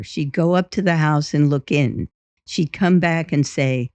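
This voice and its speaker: Slow, unhurried woman reading a memoir. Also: sits low, no echo. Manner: steady, unhurried first-person telling. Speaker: audiobook reader. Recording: dull, dry.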